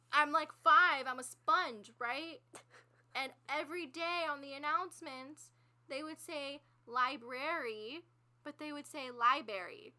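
High, bright young Texan woman. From Texas. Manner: teasing, quick sarcastic quips. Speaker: podcast co-host. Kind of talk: casual chat.

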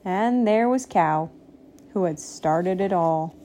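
A woman reading a picture book aloud, slow and expressive, giving the animals little voices. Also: fairly low pitch. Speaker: storybook reader.

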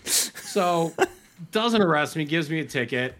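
A man's voice: on the high side, unhurried. Laid-back man chatting casually. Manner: relaxed, backchannels often, tells stories in a laid-back way. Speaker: podcast co-host. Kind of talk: casual chat.

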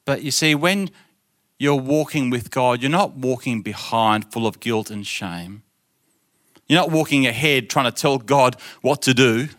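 Man, middle-aged preacher, storytelling sermon, animated, acts out voices, bright voice. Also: medium pitch, measured pace.

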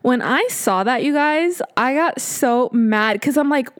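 Animated young woman telling a story. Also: sits high, measured pace, few pauses. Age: 20s. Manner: animated, swears freely, acts out exasperated quotes. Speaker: podcast host. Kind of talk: casual storytelling chat.

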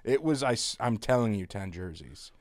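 A man in his thirties chatting casually as a podcast co-host, an animated storyteller who laughs often. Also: on the low side, moderate pace, no echo, studio quality. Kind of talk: casual chat.

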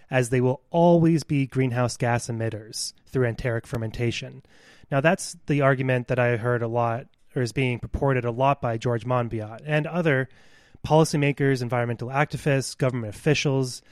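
Male podcast co-host, mid-pitch, earnest lecturer, dry close recording. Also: no echo. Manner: earnest, lecturing with scientific detail. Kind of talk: explanatory podcast talk.

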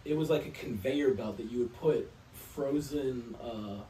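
A man's voice: mid-range voice, a little slow, dark tone, distant mic. A man chatting loosely on a podcast, trailing off into long, swear-filled anecdotes. He sits back from the mic in a roomy space, with a faint hum of noise behind him. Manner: profane, rambling storyteller. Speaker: podcast co-host. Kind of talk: casual chat.

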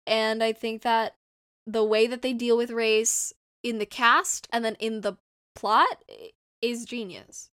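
A woman's voice: fairly high pitch, unhurried, fairly bright tone, clear, resonant tone. A woman co-hosting a podcast, chatting casually and agreeing with enthusiasm. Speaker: podcast co-host. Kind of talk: casual chat.

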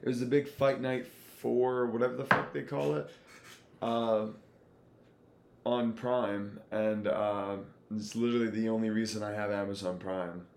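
A podcast co-host chatting casually, excitable and slangy, calling everyone bro. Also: male voice, fairly low pitch, a little slow, creaky. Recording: echoey room with faint noise.

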